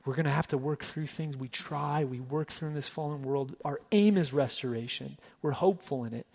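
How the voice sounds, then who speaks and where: Pastor, man, slightly higher voice, preaching in a reverberant church hall; drops to a hush, then builds to emphasis. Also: a little fast, creaky. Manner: shifts between soft hushed passages and raised emphatic ones; frequent word repeats and restarts. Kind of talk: sermon.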